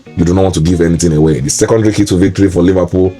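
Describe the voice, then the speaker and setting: A man's voice: deep voice, fairly even intonation, rapid-fire, dark tone, faint music behind. A man hosting a solo football preview, ranting in an exasperated, repetitive way. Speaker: football pundit and show host. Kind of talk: solo match preview commentary.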